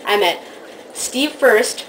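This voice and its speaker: A woman telling a story in a casual vlog, gushing and excitable, jumping into squealed quotes of what people said. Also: fairly high pitch, takes it slowly, slight background noise, low-quality recording. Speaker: vlogger.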